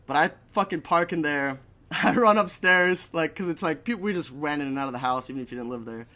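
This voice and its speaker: A man's voice: on the high side, brisk, bright, forceful tone. A young man telling a story in a casual chat, swearing a lot and laughing between lines. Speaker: podcast guest.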